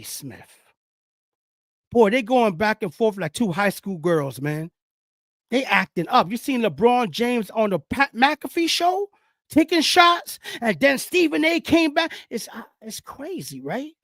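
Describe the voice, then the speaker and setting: A man from the Bronx with a New York accent, hosting a casual live-stream sports talk, rambling and animated, with loud street slang. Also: sits high, measured pace, no room sound, studio quality.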